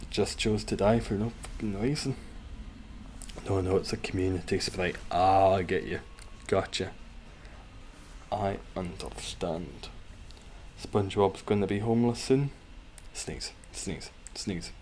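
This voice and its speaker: A man's voice: low-pitched, a little slow, long pauses, a little mellow, a little hiss or hum. A man streaming a game from home, rambling wryly and chatting with his viewers between moves. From Scotland. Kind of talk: casual livestream chat while gaming.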